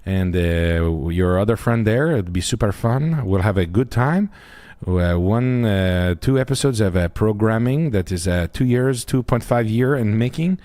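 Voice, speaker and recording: Man doing a halting foreign guy, broken English, lots of ums, lowish voice. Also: animated, mellow, no echo. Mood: deadpan.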